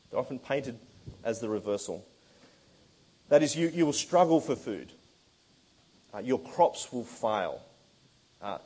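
A man with a husky, breathy voice delivers a sermon. He speaks in an earnest, emphatic way at a middle pitch for a man and slows down to press home the words he stresses. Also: dark tone. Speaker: preacher.

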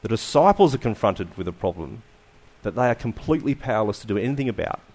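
A male preacher delivering a sermon with a very lively, swinging pitch. He keeps asking his listeners rhetorical questions and lets many phrases sink to soft, quiet endings. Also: quick pace.

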